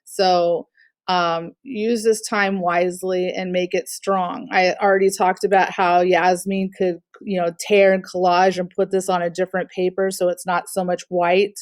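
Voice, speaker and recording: A woman's voice: lowish voice, level tone, unhurried, no room sound. A woman teaching an online art class, critiquing student artwork in an encouraging but direct way with frequent fillers, speaking into a computer mic on a video call.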